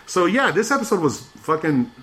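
A man hosting a podcast, chatting casually and retelling scenes with animated laughter. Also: sits high, a little fast. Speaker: podcast host. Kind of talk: casual chat.

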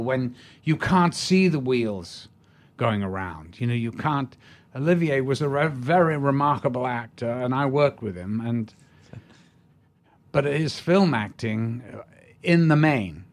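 A man's voice: mid-range voice, animated, a little slow. An older man tells stories as an interview guest. His delivery is theatrical, with frequent restarts and trailing fillers. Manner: theatrical storytelling, hesitant restarts. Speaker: guest actor. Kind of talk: anecdotal interview talk.

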